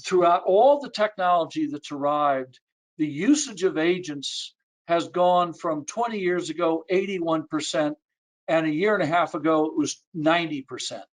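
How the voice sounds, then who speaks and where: A man on a video call, explaining research with a measured, factual delivery. His voice sits somewhat higher than most men's. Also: low-quality recording. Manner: measured, data-citing. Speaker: industry analyst panelist. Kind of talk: webinar panel talk.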